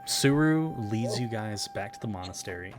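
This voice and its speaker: Low-voiced man running a tabletop game. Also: normal speed. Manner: relaxed, explanatory narration with chuckles. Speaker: game master. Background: music.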